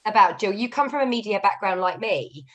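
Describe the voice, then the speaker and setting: A woman's voice: medium pitch, lively intonation, brisk, muffled recording, a crowd in the background. A woman co-hosting a podcast, asking thoughtful questions in casual chat. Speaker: podcast co-host.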